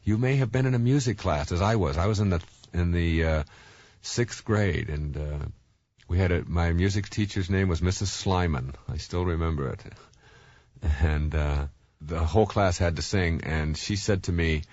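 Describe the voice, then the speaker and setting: A man in his fifties giving a motivational talk, telling stories with animated energy and repeating words and fillers as he goes. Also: low voice, moderate pace, dry recording, dull audio. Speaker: motivational speaker.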